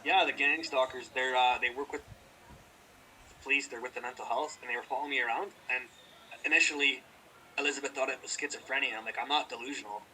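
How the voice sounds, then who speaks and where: A man's voice: medium pitch, steady tone, fast, sharp tone, recorded from a distance, a little hiss or hum, rough recording. A young man co-hosting a podcast, telling a rambling story in casual chat, profane and heated. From British Columbia, Canada. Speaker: podcast co-host.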